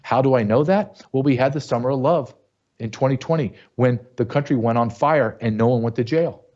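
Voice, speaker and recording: A man's voice: mid-range voice, fairly quick, darkish tone. A middle-aged man hosting an opinion show, talking bluntly and emphatically and firing off rhetorical questions. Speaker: show host. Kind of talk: opinion commentary. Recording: dull lo-fi sound.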